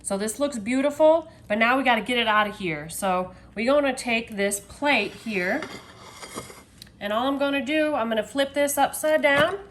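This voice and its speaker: A woman, showing desserts in her home kitchen in a chatty, excitable way, talking to viewers. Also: fairly high pitch, moderate pace, a little hiss or hum. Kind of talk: casual cooking video. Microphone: phone.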